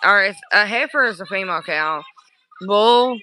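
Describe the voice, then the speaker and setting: A streamer, hoarse and worn out, chatting casually and rambling apologetically on a livestream. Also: mid-range voice, expressive, pushed and bright, low-quality recording. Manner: slow, rambling, apologetic talk.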